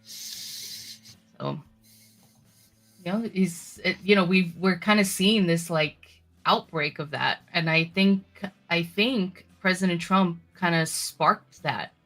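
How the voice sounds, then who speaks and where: A woman's voice: fairly low pitch, slow pace, pauses often, fairly bright tone, soft background music. A woman co-hosting a political talk show, chatting casually with lots of "you know" fillers and reading news stories aloud. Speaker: podcast co-host.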